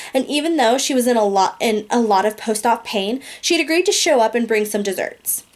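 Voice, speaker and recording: A young woman reading a comic novel aloud casually, amused and giggling often, drawling the profanity. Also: a little high. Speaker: audiobook reader.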